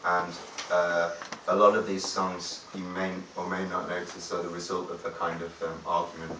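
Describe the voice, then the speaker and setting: A man's voice: low-pitched, monotone, normal speed, background noise. A man, a singer-songwriter, chatting to the crowd between songs in a rambling, hesitant way, swearing freely, recorded live at a gig from an audience camera. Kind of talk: stage banter between songs. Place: live music venue. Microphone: far-off audience camera. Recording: echoey gig hall from far off.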